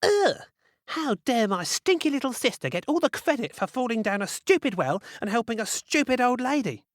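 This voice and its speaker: A bad-tempered storybook girl sneers and demands her due in a high, bratty voice, as a man puts her on. Her jealousy shows in every rude line. The sound is dry and close. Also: big pitch swings, brisk, dry recording. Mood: jealous.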